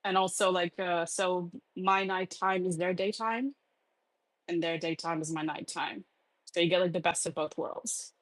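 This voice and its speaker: A woman's voice: on the low side, steady tone, normal speed, dry recording, rough recording. A woman hosting a casual online community call, chatty and full of filler words. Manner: chatty, lots of "like" and "um". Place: home over an online audio room.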